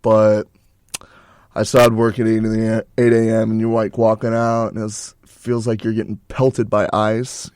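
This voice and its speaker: A man's voice: on the low side, monotone, a little slow, a little mellow, clear, resonant tone, no room sound, studio quality. Young man chatting easily on college radio. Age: young adult. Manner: rambling, easygoing, laughs often. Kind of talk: casual chat. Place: radio studio. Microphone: studio mic.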